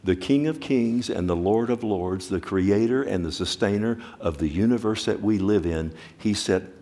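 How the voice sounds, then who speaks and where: A man with a somewhat low voice delivers a sermon. He swings from hushed, quickened asides to loud, drawn-out exclamations. He keeps asking his listeners questions. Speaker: preacher.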